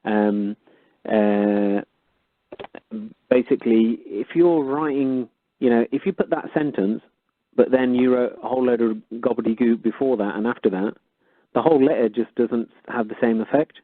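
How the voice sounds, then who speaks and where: A man's voice: medium pitch, normal speed, no echo. A man co-hosting a radio show, chattily explaining with made-up examples. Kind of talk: casual radio talk, explaining. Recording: dry, narrow phone-like radio audio.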